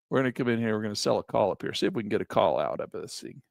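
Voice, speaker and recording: Gravelly man thinking aloud through trades. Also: lowish voice, animated, racing, no echo, studio quality. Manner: thinks aloud, casual and joking. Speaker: trading instructor. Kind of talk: live screen-share trading walkthrough.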